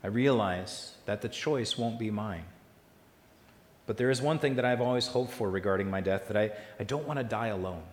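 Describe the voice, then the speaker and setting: A man preaching a sermon as pastor, building loud through lists and falling soft and slow on key lines. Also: on the low side. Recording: echoey hall with long reverb.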